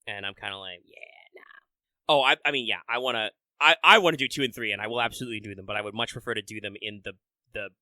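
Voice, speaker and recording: A man's voice: lowish voice, rapid-fire, pushed and bright, dry recording, studio quality. A man co-hosting a podcast, chatting casually in a rambling, profane way with lots of restarts. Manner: rambling, profane, self-interrupting; restarts and filler words. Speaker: podcast co-host. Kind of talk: casual chat.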